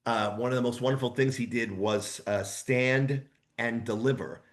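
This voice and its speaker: A man in his sixties, a voice actor guest telling rambling, lively anecdotes in a casual interview. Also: mid-range voice, moderate pace. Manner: rambling, animated anecdotes with asides.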